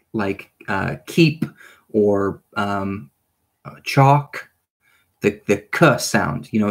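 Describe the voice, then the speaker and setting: A man explaining the letters of an invented alphabet, sounding out each sound with many ums and restarts. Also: on the low side. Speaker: conlang creator explaining an alphabet. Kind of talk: unscripted explanatory lesson.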